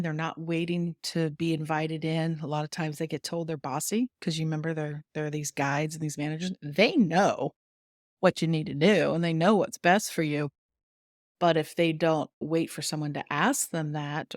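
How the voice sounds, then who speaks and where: A woman guest on a wellness podcast, explaining warmly and chattily, laughing often and acting out little quotes. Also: low voice, dry recording, studio quality. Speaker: human design guide, guest.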